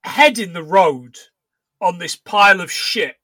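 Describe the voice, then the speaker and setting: A man's voice: high voice, unhurried, bright, forceful tone, no room sound. A man co-hosting a podcast in casual chat, rambling and swearing as he recounts what he has watched. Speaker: podcast co-host.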